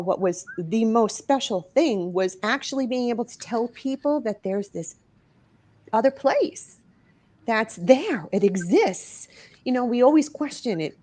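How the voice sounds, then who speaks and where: A middle-aged woman from New York, guesting in a studio as an author and paranormal investigator, relates an emotional story from her own life. Her pitch is fairly high, and she's expressive, with her voice rising and dropping throughout.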